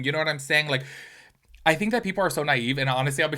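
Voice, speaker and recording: A man's voice: on the high side, fast, bright, forceful tone. A man hosting a gossip commentary video, talking animatedly with exclamations and apologetic asides to his viewers. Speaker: commentary YouTuber host.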